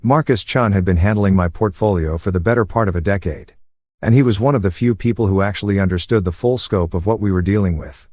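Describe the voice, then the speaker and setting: Guy narrating a sleep story, calm and a bit smug, lowish voice, dry close sound. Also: a little fast, no room sound.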